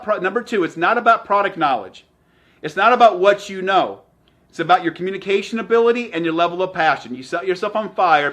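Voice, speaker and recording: A man giving an energetic motivational talk as a sales trainer, emphatic and repeating his phrases. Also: high-pitched.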